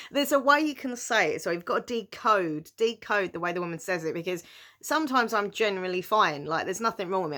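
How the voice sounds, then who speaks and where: Speaking with a British accent, this young woman talks casually to camera as she takes viewer questions, with frequent giggles and plenty of fillers. Her voice is fairly low with a sharp tone.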